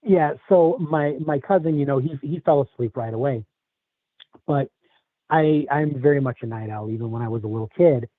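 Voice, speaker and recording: A man from the Chicago area telling a personal story in a halting, casual way, with many restarts. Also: medium pitch, no room sound. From Chicago area, USA. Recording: tinny phone line, dry.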